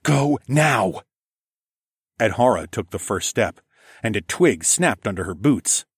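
Low-voiced, gritty male narrator. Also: animated, moderate pace, breathy edge, dry recording, clean studio sound. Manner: gritty, profane storytelling. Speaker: audiobook narrator. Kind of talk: first-person scripted narration.

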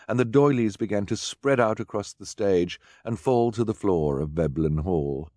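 Expressive low-voiced male storyteller. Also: dry recording, studio quality. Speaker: narrator. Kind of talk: audiobook narration.

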